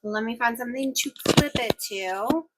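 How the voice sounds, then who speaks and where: A woman's voice: on the high side, noisy background. Rambling woman vlogging from her kitchen. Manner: rambling, excitable, talks fast in bursts. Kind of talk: casual vlog chat. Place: home kitchen, cooking at a griddle. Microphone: new clip-on wireless mic, sometimes clipped to the stove away from her.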